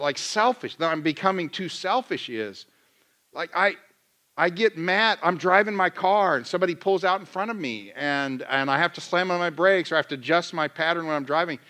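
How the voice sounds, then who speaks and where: A man in middle age preaches to his church in a loose, chatty sermon style. His voice sits a little high and rings bright and forceful. He slips into playful re-enactments of his own griping to make a point. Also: expressive, normal speed. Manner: conversational, self-deprecating, acts out his own rants. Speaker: pastor.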